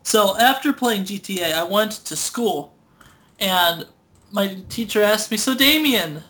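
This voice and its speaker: A man's voice: sits high, unhurried, fairly bright tone. A young man co-hosting a casual gaming podcast, rambling and laughing as he talks, swearing often. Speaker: podcast co-host. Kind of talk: casual chat.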